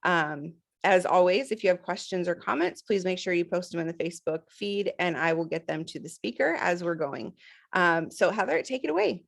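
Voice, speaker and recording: A woman's voice: lowish voice, expressive, moderate pace, vocal fry. A woman hosting an online summit, introducing the day's guest in an upbeat, friendly way with many ums. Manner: upbeat, filler-heavy, friendly. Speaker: summit host. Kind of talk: host introduction.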